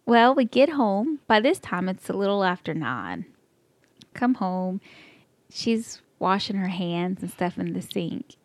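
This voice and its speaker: A woman's voice: mid-range voice, a little slow, no echo. Laughing Texan woman telling a story. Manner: animated, laughs often, acts out her own thoughts. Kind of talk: casual storytelling.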